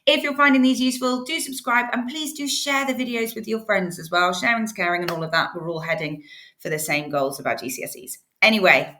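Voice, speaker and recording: A woman's voice: fairly high pitch, brisk, sharp tone, slight background noise. A woman giving a casual, chatty literature revision lesson to students. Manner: chatty, informal, encouraging. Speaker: English literature teacher.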